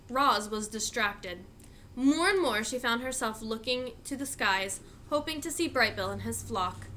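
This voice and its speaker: A woman reading a children's novel aloud, her voice bright and high. She tells the story in an expressive, animated way with a lively, swinging pitch. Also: a little hiss or hum. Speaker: reader.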